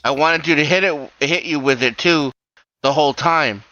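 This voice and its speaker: A man's voice: a little high, normal speed, bright, forceful tone, dry recording, lo-fi sound. A man calling into a livestream, chatting casually and teasing with easy laughs. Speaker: guest caller on the stream. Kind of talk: casual chat.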